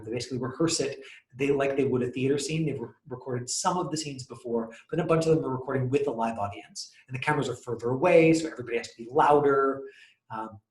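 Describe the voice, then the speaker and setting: A man teaching an acting class, casually explaining comedy with lively acted-out examples. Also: mid-range voice. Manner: animated, acts out quick examples with loud outbursts. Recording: echoey room.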